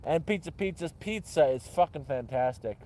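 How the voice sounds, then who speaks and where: Guy rambling at a campfire, mellow and a bit high, swears a lot. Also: animated, moderate pace. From Canada. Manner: rambling, repeats himself with restarts and swearing. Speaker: vlogger. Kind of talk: casual rambling chat. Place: outdoors by a campfire.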